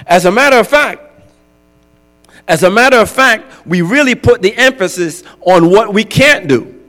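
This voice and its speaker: A man's voice: high-pitched, animated, normal speed, sharp tone. A male pastor preaching a sermon in a conversational way, often asking his congregation "right?". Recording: long hall reverb with mains hum.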